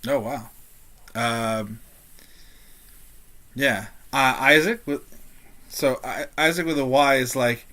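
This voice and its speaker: A tabletop game master narrating a session at an unhurried, slow pace. The speech is halting and loose, full of fillers and pauses while deciding what happens next. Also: mid-range voice, bright, forceful tone.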